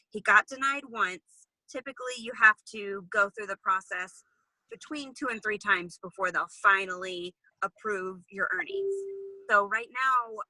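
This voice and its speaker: Earnest woman in her thirties, bright. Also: mid-range voice, no echo, rough recording. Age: 30s. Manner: earnest, candid, talks to the audience as "y'all". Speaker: guest. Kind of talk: casual chat on a video call.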